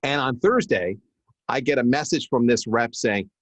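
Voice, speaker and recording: A man's voice: medium pitch, normal speed, no room sound. A middle-aged man, a marketing executive guest on a live podcast, telling anecdotes and acting out the quotes in different voices. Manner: animated storyteller who acts out quotes. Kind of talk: conversational storytelling on a live podcast.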